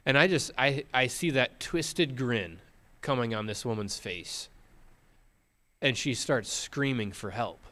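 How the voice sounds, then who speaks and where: A man preaching a sermon, retelling a story with dramatic pauses and questions to the congregation. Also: medium pitch, bright, forceful tone.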